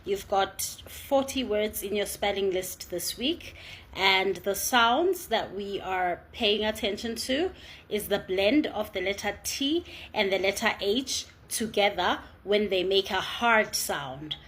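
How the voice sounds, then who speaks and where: A woman teacher leading a spelling lesson, sounding out each word slowly and carefully. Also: mid-range voice, animated, fairly bright tone. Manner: slow, careful over-enunciation of sounds.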